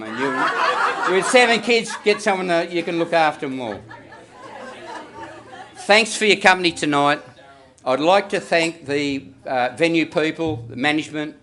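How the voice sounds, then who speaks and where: Bright-voiced Australian father giving a wedding toast. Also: on the high side. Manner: rambling, jokey, with many fillers and restarts. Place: wedding reception venue.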